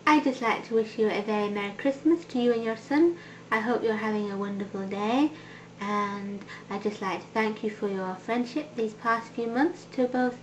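Woman, formal and courteous holiday greeting, muffled home recording with light noise. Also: fairly high pitch. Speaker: family member. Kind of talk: polite greeting message.

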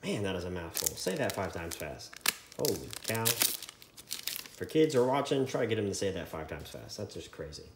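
A man hosting a trading card break, reading out card names in a running list with quick asides. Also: low voice, very animated. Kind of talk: casual card-opening commentary. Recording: echoey room with faint noise.

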